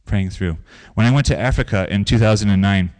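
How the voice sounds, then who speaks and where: A man's voice: lowish voice, a little fast, darkish tone. A man preaching a sermon in a conversational way, telling stories and repeating phrases for emphasis. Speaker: pastor.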